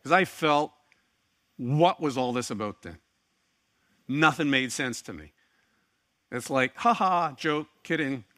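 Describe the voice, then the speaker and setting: A man's voice: mid-range voice, expressive, slow pace, long pauses, a bit bright, no room sound. A middle-aged man preaching a sermon, telling a personal story with earnest, wry asides. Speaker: pastor.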